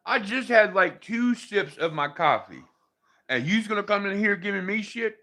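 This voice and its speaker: A man's voice: high-pitched, expressive, normal speed, bright, forceful tone. A man hosting a livestream, ranting in an irritated, profane way and chatting casually with his viewers and dogs. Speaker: livestream host.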